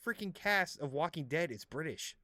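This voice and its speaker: A man's voice: fairly high pitch, moderate pace, no echo. A man co-hosting a podcast, chatting casually and joking around, now and then mocking accents. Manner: joking, animated, puts on mock British voices. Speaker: podcast co-host. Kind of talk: casual chat.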